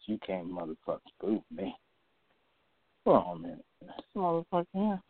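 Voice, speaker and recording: A man's voice: low voice, very animated, moderate pace, dry recording. A man hosting an open phone line, ranting and cursing at callers in a combative, repetitive way. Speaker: phone-line talk show host.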